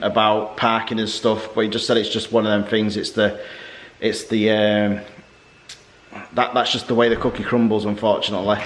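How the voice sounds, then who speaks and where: A man, giving a rambling, matter-of-fact family vlog update. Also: fairly low pitch. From England. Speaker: family vlogger.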